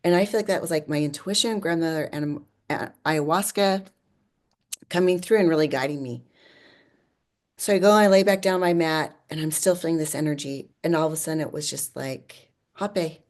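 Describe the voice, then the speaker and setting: Woman guest, low register, chatty and animated storyteller, leans on "like," laughs often. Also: brisk. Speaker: podcast guest. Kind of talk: personal storytelling in conversation.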